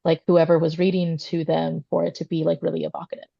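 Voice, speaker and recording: Woman co-host, low gravelly voice, dull lo-fi dry recording. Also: flat delivery, fast talker, mellow, dry recording. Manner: explanatory, heavy use of "like". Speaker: podcast co-host. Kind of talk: casual book chat.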